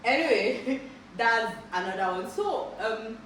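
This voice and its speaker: A young woman with a Nigerian English accent, casually telling childhood stories to her vlog audience, animated and quick to laugh. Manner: animated, laughs often, bursts into high exclamations. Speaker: vlogger. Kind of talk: casual storytelling. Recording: echoey room, distant mic, background noise.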